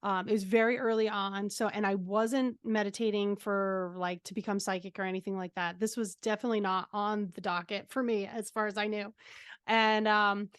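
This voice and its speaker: A woman guest on an interview show telling a personal story in a chatty, animated way, laughing often and filling pauses with ums. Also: mid-range voice, clean tone, no echo, studio quality. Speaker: guest, transformational coach.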